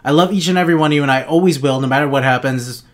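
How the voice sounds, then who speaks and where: A young man rambles through let's play commentary, joking, swearing and laughing at his own lines. His voice sits a little higher than most men's. The talk is loose and casual, addressed to viewers. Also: very fast. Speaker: gaming channel host.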